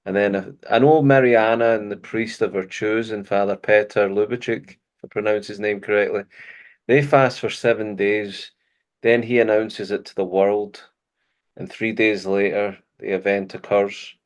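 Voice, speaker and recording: Earnest Scottish man, low voice. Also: steady tone, normal speed. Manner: earnest, laughs easily. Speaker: host. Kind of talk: casual faith interview chat.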